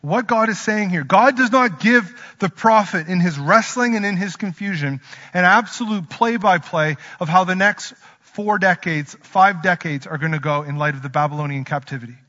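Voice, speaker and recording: A male pastor preaching a sermon, swinging from quiet slow emphasis to loud, urgent rises. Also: high-pitched. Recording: dull audio with long hall reverb.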